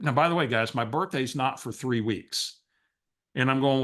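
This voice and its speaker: A man coaching real estate agents, his voice bright and forceful. He tells stories with lively acted-out dialogue and often restarts his sentences. His speaking voice sits a little high for a man. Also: moderate pace. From Texas. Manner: animated storyteller who acts out quoted dialogue, with frequent restarts. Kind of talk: coaching call storytelling.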